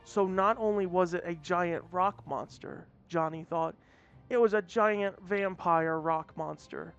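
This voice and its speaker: A man with a high voice reads a story aloud in a casual manner, often stumbling and restarting mid-phrase. The recording sounds muffled and lo-fi, with faint music in the background. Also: measured pace, gravelly, a bit bright, smooth. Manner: plain reading with frequent restarts. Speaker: story reader. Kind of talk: casual read-aloud narration. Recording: dull lo-fi audio, faint music.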